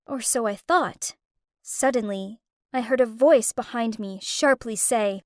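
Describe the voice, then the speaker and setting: A woman narrating a first-person animated story in a dramatic, emotional way. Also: fairly high pitch, unhurried, no echo, clean studio sound.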